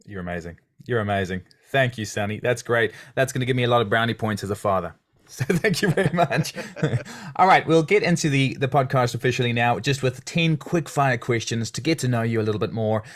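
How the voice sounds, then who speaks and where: A man's voice: medium pitch, expressive, fairly quick. A man from South Africa hosting a podcast, asking questions in friendly, chatty interview talk. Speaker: podcast host. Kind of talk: casual interview chat.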